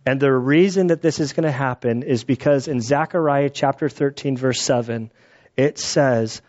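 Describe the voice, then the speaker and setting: A man's voice: mid-range voice, moderate pace, dull audio. A man giving a casual Bible teaching, conversational and acting out quotes with the odd laugh.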